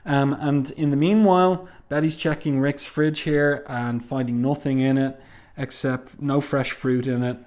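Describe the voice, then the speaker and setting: A man giving a casual spoken review of a comic book, taking his time and filling pauses with ums and uhs. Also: mid-range voice, level tone, a little mellow. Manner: unhurried, frequent ums and uhs, reads comic dialogue aloud.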